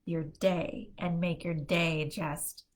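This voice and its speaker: A middle-aged woman with a slightly low-pitched voice hosts a casual live stream. She talks in an easy, chatty way and often breaks into laughter as she tells family stories. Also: level tone, slow. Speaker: host of a positivity live stream.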